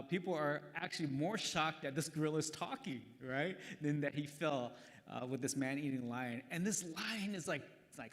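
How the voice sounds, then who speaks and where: A man's voice: fairly high pitch, moderate pace, a bit bright. Chatty male pastor in a reverberant hall. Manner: casual, chatty, tag questions like "right?". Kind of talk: sermon. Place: church worship hall. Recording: long reverb of a worship hall.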